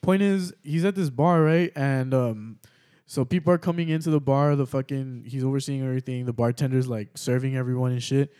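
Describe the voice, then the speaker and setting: A young man hosting a podcast tells a story in a loose, rambling way, full of fillers and swearing. His voice is mellow and dark, at an everyday middle pitch. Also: a little fast, hardly any pauses, clear, resonant tone. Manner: relaxed, swears a lot, many fillers. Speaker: podcast host. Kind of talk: casual storytelling.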